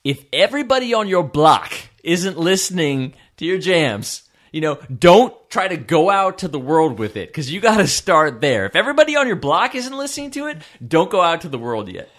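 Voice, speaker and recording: A man putting on a loud, high voice while quoting a famous rapper. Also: very animated, moderate pace, few pauses. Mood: emphatic.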